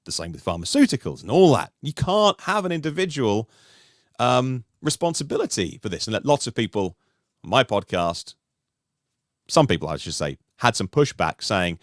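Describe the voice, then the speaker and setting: A man talking through a podcast discussion in an animated, rambling way, with many restarts. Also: mid-range voice, moderate pace, no echo, studio quality. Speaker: podcast host, guest panelist.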